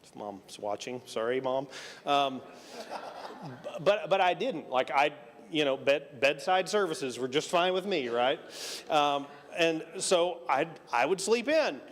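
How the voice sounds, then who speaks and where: Animated Texan preacher in a reverberant hall. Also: male voice, a little high, a little slow. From Texas. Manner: animated storyteller, acting out dialogue with self-deprecating humor. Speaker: pastor. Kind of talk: conversational sermon with storytelling. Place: church sanctuary.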